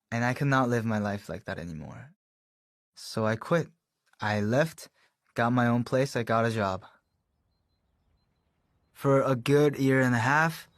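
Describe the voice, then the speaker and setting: A young man recounting his band's beginnings in a relaxed, chatty storytelling manner, laughing now and then. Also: medium pitch, no room sound. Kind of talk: casual storytelling.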